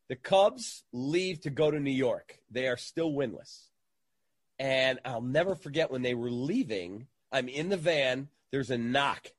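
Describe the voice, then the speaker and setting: A man, a sports radio entertainer, telling an animated anecdote in a casual interview and acting out the quotes. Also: medium pitch, normal speed, breathy edge, no room sound.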